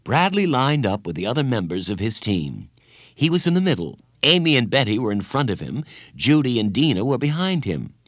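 Give me an expressive male storyteller for a children's book, lively and animated, with a very dry sound that keeps him close to the listener. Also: medium pitch, a little fast, no room sound. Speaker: narrator. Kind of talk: reading a children's story aloud.

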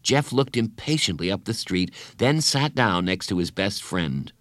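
A man narrating a children's story in an expressive storytelling style. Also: sits low, normal speed, hardly any pauses, no echo. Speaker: audiobook narrator. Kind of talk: scripted narration.

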